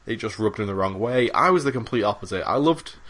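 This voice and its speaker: Rambling, low-voiced podcast host. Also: male voice, expressive, fast talker, a bit bright. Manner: rambling, enthusiastic, lots of ums and swearing. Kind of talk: casual chat.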